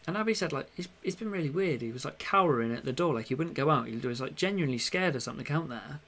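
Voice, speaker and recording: A man's voice: medium pitch, quick pace. Man telling stories, acting out quotes. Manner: animated storyteller, acts out quotes. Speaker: podcast co-host. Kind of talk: casual chat.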